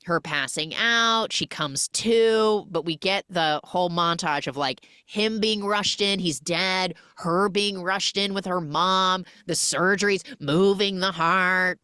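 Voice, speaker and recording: A woman hosting a podcast, recapping a film in an animated, jokey way full of 'like'. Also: on the low side, slow, few pauses, clean tone, no room sound, studio quality. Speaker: podcast host.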